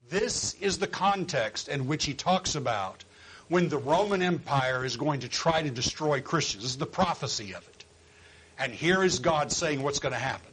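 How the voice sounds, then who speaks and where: A man preaching a sermon, swinging from quiet low asides to loud high exhortation and acting out quoted voices. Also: husky, low-quality recording. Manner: acts out quoted voices of listeners and God.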